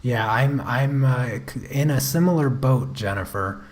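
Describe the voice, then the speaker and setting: An American man hosting an art livestream, chatting casually with viewers while drawing, halting and full of fillers as he answers comments. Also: medium pitch. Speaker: art channel host.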